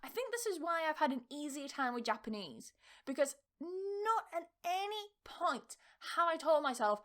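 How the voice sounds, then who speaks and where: A woman's voice: high voice, sing-song, normal speed, fairly bright tone. A woman hosting an English-learning podcast, giving a casual motivational talk in a blunt, emphatic way, swearing now and then and checking in with her listeners. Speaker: English teacher and podcast host.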